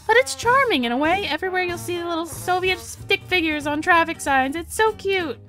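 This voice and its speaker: A woman voicing a chatty, nosy young German woman tourist in her twenties, talking high and prying. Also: animated, a little fast, a bit bright, faint music behind. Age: 20s.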